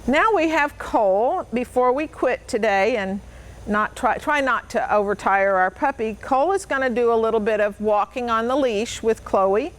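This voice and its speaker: A woman's voice: on the high side, moderate pace. A woman dog trainer patiently coaching children, with upbeat, sing-song praise. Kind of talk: hands-on instruction to children.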